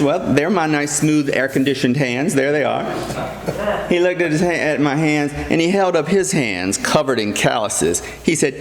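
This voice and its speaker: A middle-aged man delivers a sermon with earnest emphasis, leaning on repeated phrases. His voice sits a little high for a man. It rings out through a church with long, roomy reverb. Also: sing-song, moderate pace. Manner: earnest, emphatic preaching with repetition. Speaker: priest.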